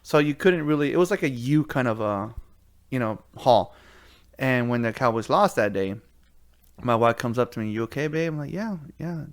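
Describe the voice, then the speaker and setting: A man's voice: mid-range voice, normal speed. A middle-aged man co-hosting a podcast, telling sports stories in casual chat, laughing and acting out quotes. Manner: animated storyteller, laughs while telling stories, acts out quotes. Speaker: podcast co-host.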